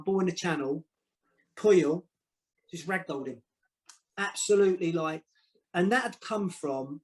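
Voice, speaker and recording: Animated storytelling man, higher voice. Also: poor audio. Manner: animated, repeats words, acts out quotes. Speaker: guest, former football manager. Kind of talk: casual storytelling.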